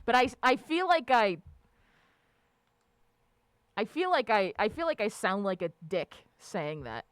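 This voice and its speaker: A woman's voice: medium pitch, sing-song, a little slow, clean tone, no room sound. A woman livestreamer chatting casually with her viewers, ranting with lots of swearing and frequent laughter. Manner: profane, ranting, laughs often. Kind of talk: casual live-stream chat.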